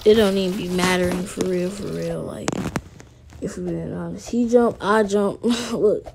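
A woman's voice: lowish voice, steady tone, normal speed, gravelly, a little mellow, slight background noise. A woman talking casually to viewers while playing a life-sim game, rambling in slang. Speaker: gaming vlogger. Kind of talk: casual game commentary with role-play.

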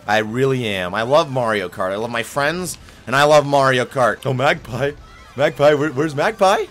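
A young man hosting a gaming video, commenting on a race and swinging from low muttering to shrill, mock-furious yelling. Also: moderate pace. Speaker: gaming channel host. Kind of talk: let's-play race commentary. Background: game music.

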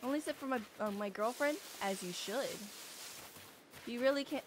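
A woman's voice: high-pitched, animated, moderate pace, sharp tone, a little hiss or hum. A young woman streaming a game live, chatting playfully with her chat and bursting into squeals.

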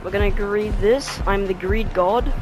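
A young adult gamer talks through a match in live commentary, reacting fast with sudden exclamations and bursts of laughter. Clear background music plays under the voice. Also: mid-range voice, steady tone. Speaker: gaming video creator.

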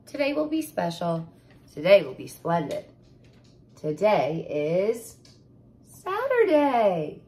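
Teacher doing a frazzled mom, sighs a lot, voice swoops up and down, slow. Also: female voice, mid-range voice, huge pitch swings, warm tone. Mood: reassuring. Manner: dramatic, sighing and wailing over setbacks. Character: fretful mother, adult woman, easily flustered.

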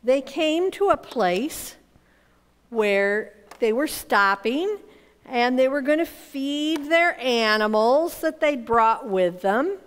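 Woman, children's Bible teacher, slow animated storytelling, reverberant room. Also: a little high, clean tone. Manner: animated storyteller voicing characters' lines. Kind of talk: storytelling Bible lesson for kids.

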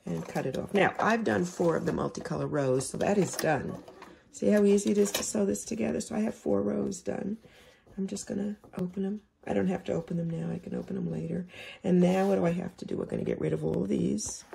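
A woman's voice: on the low side, steady tone, a little fast, vocal fry, mellow, slight background noise. A woman teaching quilting, chatting casually to viewers as she sews. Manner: chatty, talks to viewers while working. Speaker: quilting instructor. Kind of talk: casual sewing tutorial.

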